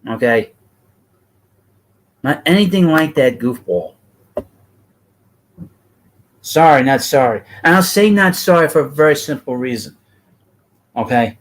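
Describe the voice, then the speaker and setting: A man's voice: a little high, lively intonation, measured pace, long pauses, poor audio. A middle-aged man with a thick New York accent, hosting a baseball livestream and talking bluntly and ramblingly to his chat.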